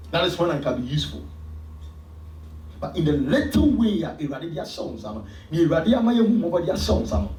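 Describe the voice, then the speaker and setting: A man with a Ghanaian accent preaching a sermon as pastor, with sudden loud emphasis. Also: fairly high pitch, very animated, fast. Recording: echoey church hall from far off.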